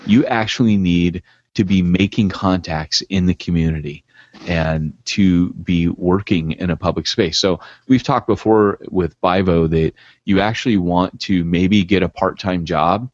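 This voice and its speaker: Deep-voiced blunt male podcast co-host. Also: measured pace, no room sound. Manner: blunt and emphatic. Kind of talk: casual podcast chat. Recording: dull lo-fi podcast audio.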